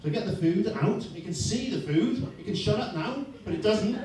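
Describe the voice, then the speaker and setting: A male stand-up comic tells crude stories with deadpan asides, his fairly high voice rising and falling a lot. He sounds far from the mic in a very echoey room, with noise underneath. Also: fairly quick, a crowd in the background. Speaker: stand-up comedian. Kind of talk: stand-up routine. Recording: echoey room, voice from afar, noisy.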